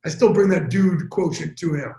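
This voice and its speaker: A man telling stories as a guest in a casual, profane interview, animated and quick. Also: on the high side, vocal fry, reverberant, poor audio. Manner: animated, profane, fast-talking storyteller. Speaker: interview guest, sports broadcaster. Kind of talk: casual storytelling chat.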